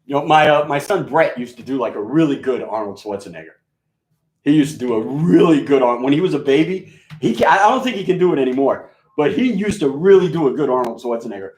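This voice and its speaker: A man's voice: mid-range voice, expressive, fast, a little mellow. A man from New York with a mixed New York accent, a radio DJ chatting casually, rambling, profane and joking with lots of fillers. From New York, USA. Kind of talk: casual live-stream chat. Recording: echoey room.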